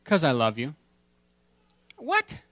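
A man's voice: medium pitch, normal speed, fairly bright tone, dry recording. A man preaching a sermon in a conversational, humorous way, with playful asides and emphatic repetition. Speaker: pastor.

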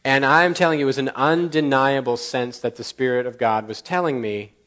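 A man preaching a sermon, telling personal stories with animated acted-out dialogue and laughing at his own jokes. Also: mid-range voice, fairly quick. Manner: animated, acts out dialogue in lively voices. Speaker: pastor. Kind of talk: storytelling sermon.

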